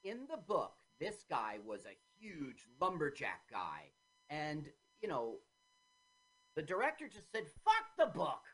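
Woman host, lower voice, very lively pitch, acts out quotes, casual film chat. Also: measured pace, husky. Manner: animated storyteller, acts out quotes in loud voices. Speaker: podcast host.

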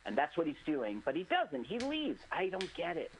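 A man's voice: on the high side, moderate pace, rough recording. A man casually retelling a film's scenes in a radio studio chat, quoting the characters as he goes. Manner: lively, retells scenes with quoted lines. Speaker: co-host riffing on a film. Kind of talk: casual movie riffing chat. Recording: faint hiss, community radio studio.

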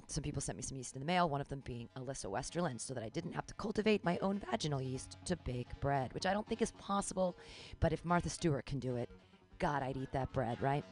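A woman's voice: a bass voice, a little mellow. A woman hosting a show, chatting casually, playful and rambling. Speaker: host. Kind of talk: casual chat.

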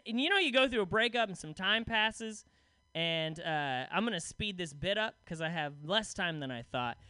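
A man's voice: high voice, bright, forceful tone, clean tone, no echo. A young adult man doing a rambling, self-deprecating stand-up comedy set, full of "like" fillers.

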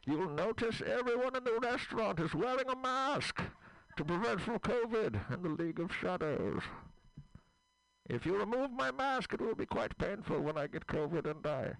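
A man's voice: high-pitched, very animated, moderate pace, vocal fry, a bit bright, dry recording, pitched above the performer's own voice, heavily acted, poor audio. A man doing a stand-up parody of a masked male movie villain working as a restaurant server, speaking pompously and formally.

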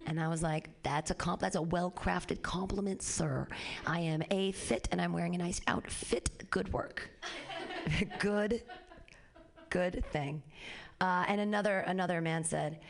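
Rambling woman doing stand-up. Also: a little slow. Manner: rambling, animated, jumps to high squeals for quoted voices. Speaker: stand-up comedian. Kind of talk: stand-up comedy set.

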